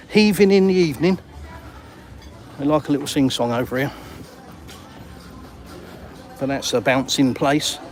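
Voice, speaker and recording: An Englishman walking outdoors and vlogging, chatting in a cheeky, bantering, slangy way to viewers while filming on his phone. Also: mid-range voice. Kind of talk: casual walk-and-talk vlog. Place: outdoors on an urban seafront street.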